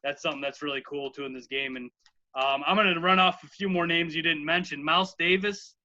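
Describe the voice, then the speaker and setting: Brief: earnest podcast co-host from the Chicago area, very bright and higher-pitched, lo-fi sound. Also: male voice, fairly even intonation, brisk. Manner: earnest, grateful, rattles off names. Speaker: podcast co-host, former college outfielder. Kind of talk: casual podcast chat. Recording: dull lo-fi audio.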